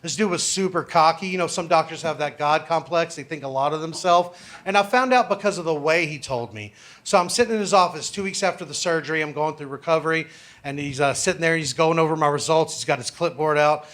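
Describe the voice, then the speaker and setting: A man's voice: on the high side, fast talker, fairly bright tone. A young man doing a stand-up set, telling a story with brash, profane punchlines. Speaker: stand-up comedian.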